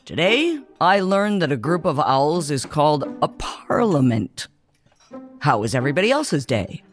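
A man's voice: on the high side, animated, unhurried, soft background music, voice pushed up. A man voicing a cheerful, overly chipper father at the dinner table. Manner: cheery, upbeat. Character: overly chipper middle-aged dad.

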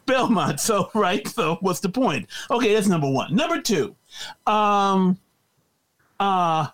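A man, a guest on a talk show, speaks in a high, bouncing voice that swings up and down. He rambles, circles back and restarts his sentences, all in an easy, casual way. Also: slow. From Chicago South Side. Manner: animated, rambling, many fillers and restarts. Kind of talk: casual radio chat.

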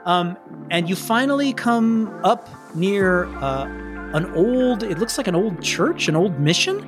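A man's voice: sits high, animated, measured pace, music in the background. A man narrating a tabletop role-playing game as game master, in a loose, rambling way with many fillers. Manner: casual, meandering, with fillers.

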